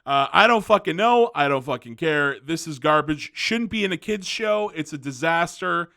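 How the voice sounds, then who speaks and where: A man's voice: a little high, expressive, normal speed, creaky, sharp tone. A man hosting a commentary video, ranting angrily with profanity, fillers and restarts.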